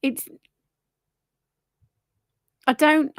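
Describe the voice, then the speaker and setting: A woman's voice: very slow, no echo, clean studio sound. A woman hosting her own livestream, rambling in a blunt, opinionated way and swearing freely. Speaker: livestream host. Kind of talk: casual opinionated monologue.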